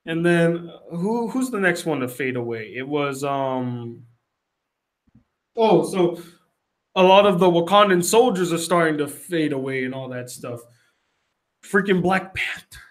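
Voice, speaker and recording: A man's voice: fairly high pitch, unhurried. A young man, a film critic, casually recapping a movie scene by scene and acting out the characters' lines. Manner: animated retelling with acted-out quotes.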